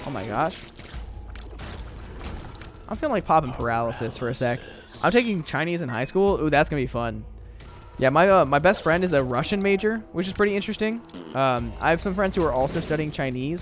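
A young man streaming a game, chatting casually with viewers and rambling with lots of fillers. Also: a little high. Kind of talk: casual live-stream chat.

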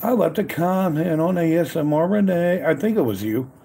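Out at a grill in chilly weather, a man livestreams casually in a slightly high, expressive voice that is creaky and warm with a breathy edge, at normal speed. He greets viewers in the chat by name again and again, repeating upbeat catchphrases.

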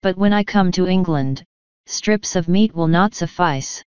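A woman reading an old sermon aloud in a measured, declamatory manner. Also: lowish voice, a little mellow, clear, resonant tone, dry recording. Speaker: sermon reader. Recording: dry, slightly dull lo-fi recording.

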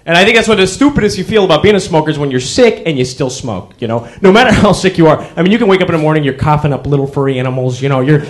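A young man performing a stand-up comedy set, telling wry stories with sudden yells. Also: a little high, expressive, very fast, hardly any pauses. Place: comedy club stage before a live audience. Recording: crowd laughter behind. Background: audience laughter.

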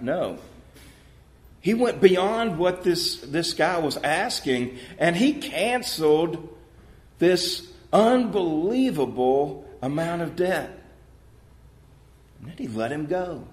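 A male pastor preaching a sermon in a church, telling a parable with lively changes of voice and rhetorical questions to the congregation. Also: slow pace, long pauses. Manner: animated storytelling, voicing parable characters with pitch jumps. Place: church sanctuary.

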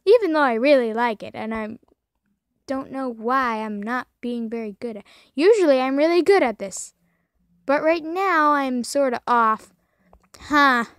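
A young woman with a high voice, narrating her gameplay in a slow drawl that keeps erupting into profane rants and yelps. The sound is dry and close, with no room around it. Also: fairly bright tone, smooth, dry recording. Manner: profane, raging outbursts and shrieks. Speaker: gaming YouTuber. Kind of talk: gameplay commentary.

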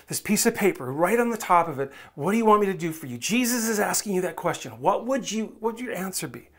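Pastor preaching super casually, talks right to the crowd, acts out little quoted voices. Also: mid-range voice. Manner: conversational, coaxing, asks the audience directly. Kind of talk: sermon.

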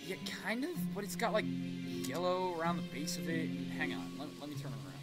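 A man's voice: a little high, animated, fairly quick. A man playing through a story game and commenting on it, joking and poking fun at himself. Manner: joking, self-mocking asides. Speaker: let's play host. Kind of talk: gameplay commentary. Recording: game music behind voice.

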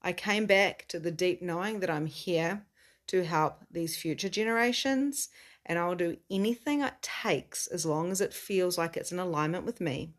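A middle-aged woman with a somewhat low voice speaks casually to her viewers in a live stream. She talks earnestly and swears offhandedly. She laughs often and moves from slow, weighty statements to excited bursts. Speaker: spiritual coach.

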